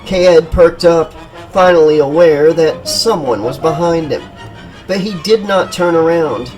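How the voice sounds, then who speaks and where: A man narrating a horror audiobook in a steady, dramatic storytelling manner. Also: fairly high pitch, unhurried, faint music behind, rough recording. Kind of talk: scripted narration.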